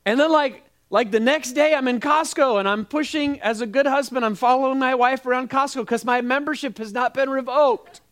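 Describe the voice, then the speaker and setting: Male pastor, high voice, lively sermon storyteller, middle-aged. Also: clear, resonant tone. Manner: animated storytelling with quoted dialogue.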